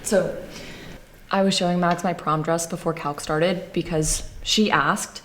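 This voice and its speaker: A young woman playing a sarcastic, angry high school girl, narrating and acting in a student film. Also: steady tone, unhurried, background noise, lightly acted. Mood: indignant. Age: young adult. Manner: sardonic, bitter.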